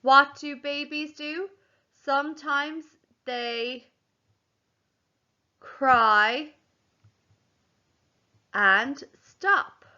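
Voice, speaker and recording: Lady teacher doing home lessons for little kids, slow n careful, bit muffled recording. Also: high-pitched, fairly even intonation, sharp tone. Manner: slow, clear, sing-song teacher voice, spelling words out. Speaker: primary school teacher. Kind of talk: home learning lesson for young children.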